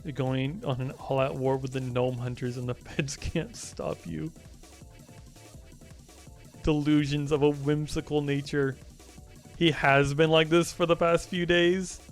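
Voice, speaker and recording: A man's voice: on the high side, level tone, unhurried, faint music behind. A young man streaming live, chatting casually, teasing and swearing as he rambles.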